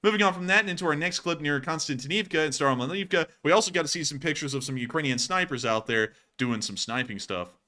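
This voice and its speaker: A man's voice: on the high side, lively intonation, fast, few pauses, sharp tone. A man hosting a live stream, casually commenting over video clips and cracking jokes. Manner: joking, casual, chuckles at his own puns. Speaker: host of war news stream.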